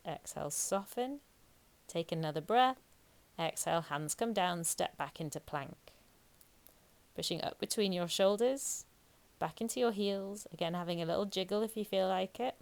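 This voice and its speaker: A woman yoga instructor, giving calm, encouraging step-by-step cues through a flow class. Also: on the low side, creaky. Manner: calm, encouraging cueing with occasional light laughs.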